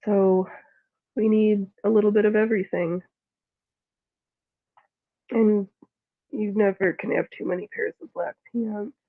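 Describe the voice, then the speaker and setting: A woman's voice: medium pitch, steady tone, unhurried, long pauses. A woman chatting casually while she sews, rambling and yawning between tasks. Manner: chatty, rambling, with yawns and laughs; breaks into playful sports-style commentary. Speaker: sewing vlogger. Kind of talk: casual chat while sewing. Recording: tinny phone-like audio.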